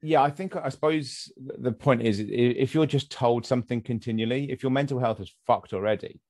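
A man hosting a podcast, asking questions in a hesitant, thoughtful way with many pauses. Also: mid-range voice, darkish tone, no echo, studio quality. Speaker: podcast host. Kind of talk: casual interview chat.

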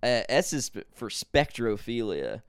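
A man co-hosting a podcast, trading crude comedic banter in a deadpan way and laughing often. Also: mid-range voice, measured pace, clean tone, dry recording, clean studio sound. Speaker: podcast co-host.

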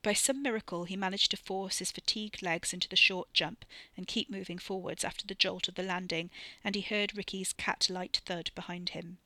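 A woman narrating a novel in an even, measured way. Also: on the low side, no room sound. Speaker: audiobook narrator. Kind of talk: scripted narration.

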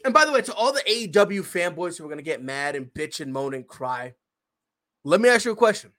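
A man's voice: high-pitched, sing-song, fairly quick, a bit bright. A young adult man hosting a podcast, ranting in a profane, fired-up, slangy way. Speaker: podcast host. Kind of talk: opinionated casual podcast rant.

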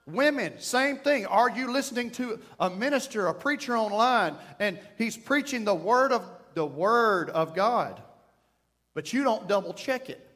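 A man in his thirties preaching a sermon to a congregation, animated and playful, with sudden growled bits. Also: sits high, a little slow. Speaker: pastor. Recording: long hall reverb.

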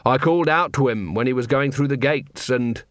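A man voicing a mournful, nervous male clown who speaks slowly and mumbles. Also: medium pitch, no room sound, clean studio sound, close to an everyday voice. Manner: slow and mumbling.

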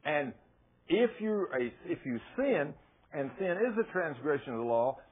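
A man preaching a sermon in a folksy, animated storytelling manner. His voice sits a little high and sounds husky. The recording is thin and tinny, like a phone line. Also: measured pace. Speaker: pastor.

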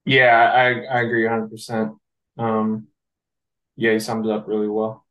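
A man's voice: fairly low pitch, completely flat delivery, moderate pace, echoey room, highs cut off. A man co-hosting a sports podcast, chatting casually and thinking aloud with frequent fillers. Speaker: podcast co-host.

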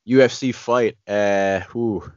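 A man's voice: fairly low pitch, steady tone, slow pace, no room sound. A man chatting casually about fights, rambling with many restarts and "you know". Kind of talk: casual chat. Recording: dry, slightly dull lo-fi sound.

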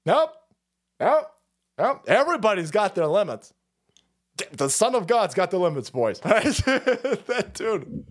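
A man hosting a political talk stream, ranting with heavy profanity, frequent laughter and sudden wild jumps in pitch. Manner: loud, profane, laughs often, swings pitch wildly. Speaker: political podcast host.

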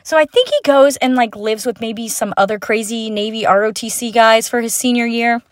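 A woman in her twenties hosting a podcast, telling stories from her college years in a chatty, self-mocking way with casual swearing and quick asides. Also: a little high, steady tone, no room sound. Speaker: podcast host. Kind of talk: unscripted storytelling monologue.

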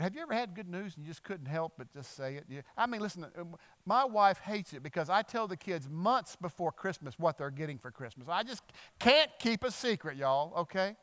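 Preacher in an echoey church hall. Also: male voice, sits high, brisk. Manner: animated, acts out quoted voices. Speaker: pastor. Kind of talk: sermon.

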